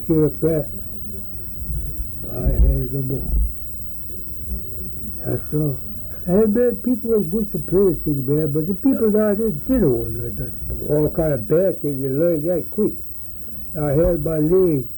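Older man, folksy rambling storyteller, somewhat high-pitched, very dark mellow tone. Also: measured pace, pauses often, a little hiss or hum, poor audio. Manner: rambling, folksy, acts out voices in his stories. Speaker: interviewee. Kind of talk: oral history storytelling.

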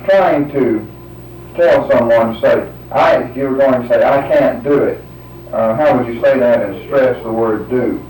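A man's voice: mid-range voice, a little slow, darkish tone, a little hiss or hum. A man interviewing someone, hesitantly prompting answers with example sentences. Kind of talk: dialect survey questioning. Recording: roomy, distant mic.

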